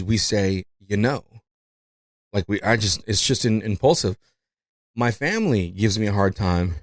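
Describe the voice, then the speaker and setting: A man's voice: lowish voice, no room sound, clean studio sound. A man who learned English as a second language, hosting a podcast and chatting casually with lots of fillers and "you know". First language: not English. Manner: rambling, fillers, frequent "you know", laughs often. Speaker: podcast host.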